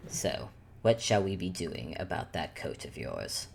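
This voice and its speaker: Woman putting on a deep, weary toon stylist. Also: sing-song, a little slow, vocal fry, noisy background, heavily acted. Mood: dry, exasperated.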